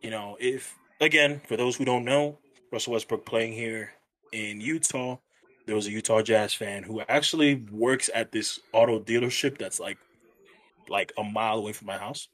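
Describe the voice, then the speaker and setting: A man's voice: on the low side, normal speed, fairly bright tone. A man co-hosting a casual sports podcast, talking loosely and peppering his lines with "bro" and "man". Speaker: podcast co-host.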